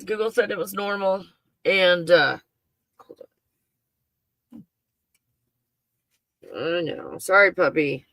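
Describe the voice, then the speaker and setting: A woman's voice: lowish voice, slow, pauses often, a bit bright, no echo. A woman hosting a livestream, chatting casually and laughing as she rambles about her puppy. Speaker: livestream host. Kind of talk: casual chat.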